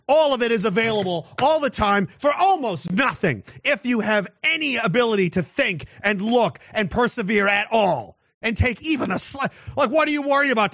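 A man delivers a profane, combative rant and often rises into shouts. His voice sits high and sounds bright and sharp. The recording is dull and dry, with a lo-fi sound. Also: no echo.

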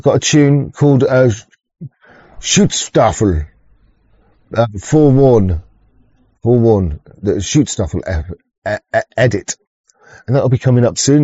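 Male livestream host, rambling and profane, dull lo-fi mic with a dark tone. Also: mid-range voice, no room sound. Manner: rambling, profane, frequent restarts.

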